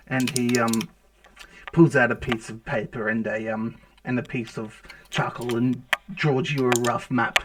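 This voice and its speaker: A man narrating as the game master of a tabletop game, halting, with many fillers and restarts. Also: mid-range voice, flat delivery, background noise.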